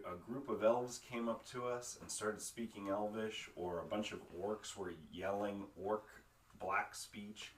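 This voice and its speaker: A male podcast host asking questions in a casual interview, enthusiastic and quick to put himself down. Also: low voice, a bit bright. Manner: prompting questions, enthusiastic and self-deprecating. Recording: roomy, distant mic with faint noise.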